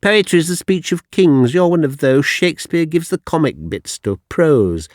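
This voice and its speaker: Pompous posh male teacher, scolding, high and clipped, put on by a male poet. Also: expressive, moderate pace, no room sound, studio quality, close to an everyday voice. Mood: condescending. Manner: haughty, lecturing, clipped.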